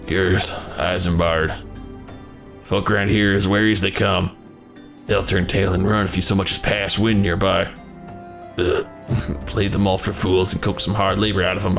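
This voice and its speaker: A man voicing a gruff, hard-drinking male merchant in a video game, with a gravelly smoker's rasp and a surly, dismissive manner. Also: sits low.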